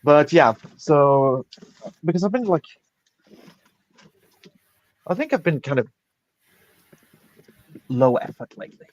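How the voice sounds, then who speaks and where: A man's voice: a little high, expressive, slow pace, long pauses, no echo. A man hosting a casual livestream chat, rambling with lots of fillers and swearing freely. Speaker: podcast host. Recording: dull lo-fi dry sound.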